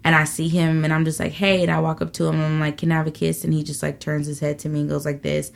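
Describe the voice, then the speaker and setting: A woman comedian guest in a casual interview, telling stories in an animated, profane way and acting out quotes. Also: deep voice, quick pace, creaky.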